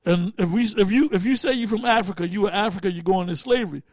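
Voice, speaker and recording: A man's voice: high-pitched, quick pace, no echo. A man leading a group study in a casual preaching style, talking bluntly with street slang and profanity, often stopping to hunt for a word. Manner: loses words and restarts while thinking aloud.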